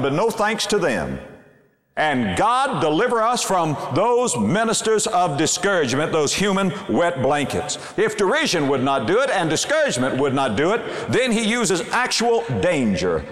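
A male pastor preaching a sermon with fervor, slowing down to read scripture with weight. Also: on the high side, huge pitch swings. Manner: impassioned preaching, slows to read scripture aloud. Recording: echoey hall with soft music.

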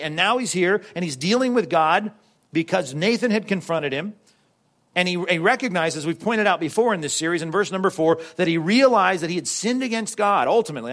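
Man preaching a lively sermon. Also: sits high. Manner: conversational preaching, dynamic delivery with frequent asides. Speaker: pastor.

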